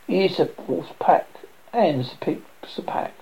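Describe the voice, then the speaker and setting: A woman's voice: on the low side, expressive, a little slow, vocal fry, mellow. A woman reading a comedy play aloud, giving the stage directions plainly. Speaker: reader. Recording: dull lo-fi recording.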